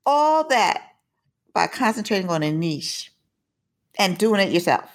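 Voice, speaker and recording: A woman's voice: medium pitch, sing-song, unhurried. A woman hosting an interview, encouraging her guest. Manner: encouraging, affirming. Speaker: interviewer host. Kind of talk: casual interview conversation.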